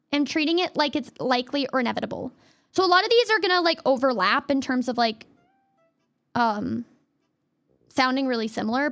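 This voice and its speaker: A high-pitched young woman talks through a livestream lesson in a loose, chatty way. She stacks up fillers, restarts her sentences often, and drifts between points. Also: fairly bright tone. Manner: rambling, filler-heavy, lots of "like" and restarts; reads chat and thanks viewers in a high squeal. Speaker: VTuber streamer. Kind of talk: casual livestream lesson on cognitive distortions.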